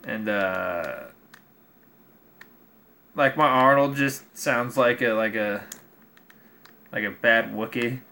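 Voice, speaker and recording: A man's voice: medium pitch, slow, long pauses, bright, forceful tone. A man vlogging as he builds a craft project, rambling casually and swearing freely as he mocks himself. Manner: rambling, profane, self-mocking.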